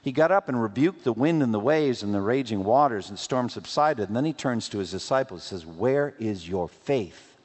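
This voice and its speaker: A male pastor moves fairly quickly through his sermon, barely pausing, with lively swings in pitch. He leans on rhetorical questions and playful asides while the big hall's long reverb rings out.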